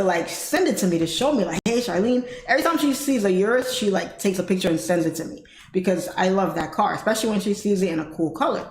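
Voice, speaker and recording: A woman hosting a livestream, telling a story in a casual, chatty way and laughing often. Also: mid-range voice. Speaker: trading livestream host. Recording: roomy echo.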